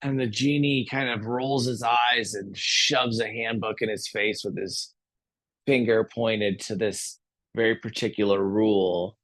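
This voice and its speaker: A man teaching a yoga class, telling a story in a calm, unhurried way between posture cues. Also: fairly low pitch.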